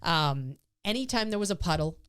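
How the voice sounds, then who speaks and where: Low-pitched woman, podcast dog trainer, lively storyteller who voices her dogs; dry, close studio sound. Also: normal speed, clear, resonant tone, no room sound. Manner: animated storyteller, acts out dog's thoughts in higher voice. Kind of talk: casual podcast chat.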